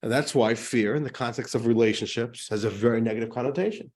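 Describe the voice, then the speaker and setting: Man teaching a lively adult class. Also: mid-range voice, fast talker. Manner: conversational, tells jokes, asks rhetorical questions. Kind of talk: classroom lecture with jokes.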